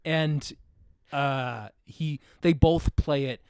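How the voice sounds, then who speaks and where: A man co-hosting a podcast, talking through a film in a halting, reflective way and searching for his words. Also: fairly high pitch, darkish tone, clear, resonant tone, dry recording, studio quality. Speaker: podcast co-host. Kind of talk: casual film discussion.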